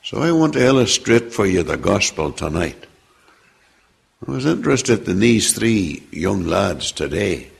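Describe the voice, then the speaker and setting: Slow gravelly preacher in a hall. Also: male voice, big pitch swings. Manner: slow, emphatic delivery, drops low and quiet at phrase ends. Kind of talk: sermon with scripture reading. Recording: long hall reverb.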